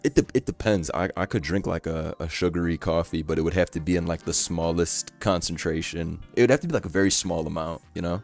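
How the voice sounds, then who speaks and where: A man's voice: deep voice, quick pace, gravelly, few pauses, darkish tone, faint music behind. A young man streaming casually, talking in loose slang and laughing often. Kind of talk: casual live-stream chat.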